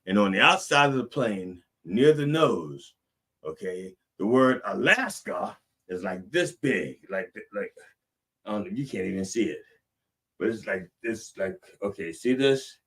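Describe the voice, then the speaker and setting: This middle-aged man, the comedic preacher who hosts the show, tells a rambling, animated story that swings from loud to soft. His voice is lowish and his pace unhurried.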